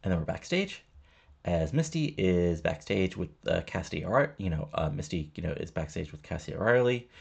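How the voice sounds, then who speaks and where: A gravelly, low-voiced man talks fast and with great animation as he narrates a wrestling simulation playthrough in casual let's-play style. He rambles, piles on fillers, and reads the characters' lines aloud in his own voice.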